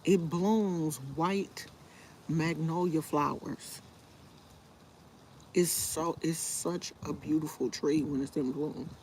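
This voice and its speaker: A woman talks to her livestream viewers from her backyard, wistful and rambling, taking her time over every thought. Her unhurried voice comes through a handheld phone held outdoors, with a faint wash of open-air noise behind her. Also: deep voice, steady tone, a little mellow, low-quality recording. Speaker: livestream host. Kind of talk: casual live chat.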